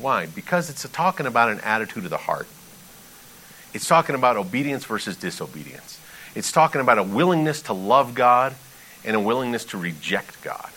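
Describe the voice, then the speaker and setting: A man delivers a sermon in a casual, conversational manner, breaking from scripture readings into emphatic asides. His voice is bright and his pitch swings widely as he pleads and jokes. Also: sing-song, brisk, poor audio. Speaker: pastor.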